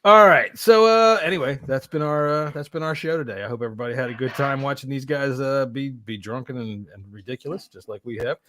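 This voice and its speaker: A man's voice: medium pitch, a little fast, few pauses. A middle-aged man hosting a podcast in casual chat, laughing often and swearing as he banters. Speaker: podcast host.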